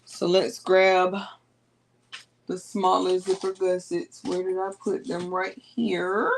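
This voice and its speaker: A woman's voice: fairly low pitch, flat delivery, slow pace, gravelly, slight background noise. A woman, chatting casually to her viewers as she works through a sewing tutorial. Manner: chatty, talks to viewers while working. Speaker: sewing vlogger.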